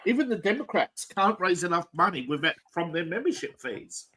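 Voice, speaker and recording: A man's voice: sits high, big pitch swings, brisk, fairly bright tone, slightly rough, poor audio. A man hosting a casual political talk show, rambling and opinionated, with frequent restarts. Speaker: podcast host.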